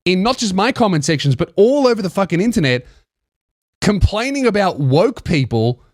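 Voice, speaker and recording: A man's voice: high voice, sing-song, moderate pace, slight background noise. A young man hosting a podcast, ranting in a sarcastic, mocking, profane comedic monologue into a close mic. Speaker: podcast host.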